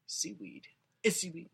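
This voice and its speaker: A man in casual comedic chat, telling absurd made-up stories in a deadpan way. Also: fairly high pitch, vocal fry, breathy edge, poor audio.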